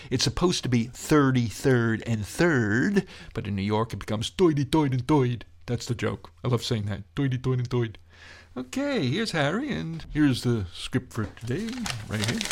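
A man hosting a comedy podcast as a ventriloquist, joking and punning as the straight man to his dummy. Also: medium pitch.

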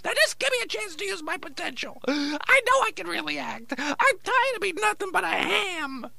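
A very high, gravelly little voice of a wisecracking wooden dummy. It swoops around a lot, dry and close to the mic, with a sharp, bright edge. Whiny and theatrical, like a ham begging for a serious role. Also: male voice, very animated, normal speed, no room sound, exaggerated voice. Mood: aggrieved. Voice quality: squeaky, gravelly. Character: wisecracking male wooden ventriloquist dummy, big-mouthed. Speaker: podcast comedy character. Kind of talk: ventriloquist comedy routine.

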